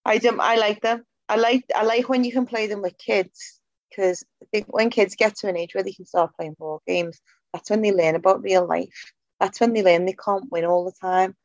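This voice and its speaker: A woman's voice: mid-range voice, fairly even intonation, normal speed, dry recording. Cheeky woman on a dull call line. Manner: cheeky, blunt, laughs often. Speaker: podcast co-host. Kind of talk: casual chat. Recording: dull remote call audio.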